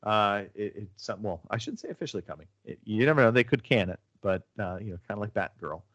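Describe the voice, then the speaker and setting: A man's voice: on the low side, expressive, quick pace, fairly bright tone, no room sound. A man hosting a casual gaming podcast, rambling with lots of fillers and restarts. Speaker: podcast host. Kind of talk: casual chat about video games.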